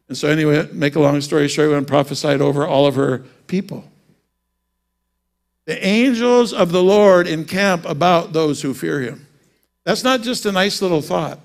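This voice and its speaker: A man's voice: a little high, normal speed, creaky. A man preaching a sermon, telling a personal story and then rising into fervent preaching.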